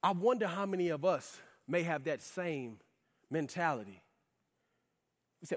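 A man preaching a sermon in a lively, conversational way with casual slang asides. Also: a little high, a little slow, long pauses. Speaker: pastor. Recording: reverberant hall.

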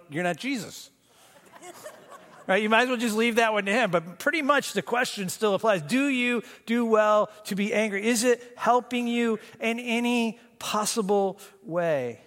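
A man preaching a sermon as pastor, moving between emphatic bursts and hushed, slow lines. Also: sits high, animated. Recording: long reverb of a church hall.

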